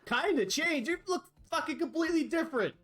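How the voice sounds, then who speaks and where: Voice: mid-range voice, sing-song, normal speed, fairly bright tone. A game master doing a crude mocking rogue. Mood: excited. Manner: cursing, teasing.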